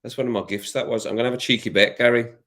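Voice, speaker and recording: Chatty man with a bright voice. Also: mid-range voice, steady tone, rapid-fire. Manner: chatty, thinking aloud, jokey asides. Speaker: vlogger. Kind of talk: casual chat while placing bets.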